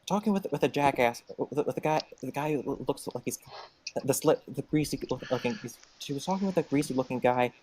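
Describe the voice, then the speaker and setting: A man's voice: mid-range voice, brisk, a little mellow, a little hiss or hum. A man in a tabletop game session, talking in character, stumbling and repeating words. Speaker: player. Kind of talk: tabletop role-play in character.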